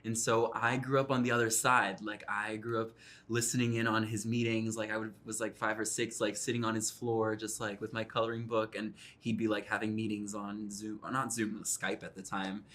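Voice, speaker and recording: Chatty young man with a low voice. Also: level tone, normal speed, fairly bright tone. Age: young adult. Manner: chatty, leans on "like" and "you know". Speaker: reality series cast member, model. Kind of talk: casual interview chat.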